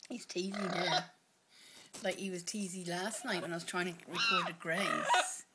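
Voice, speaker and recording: A woman's voice: on the low side, moderate pace. A woman, casually coaxing her parrot to talk in a sing-song pet voice, recorded on a home video. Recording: noisy home video with background noise.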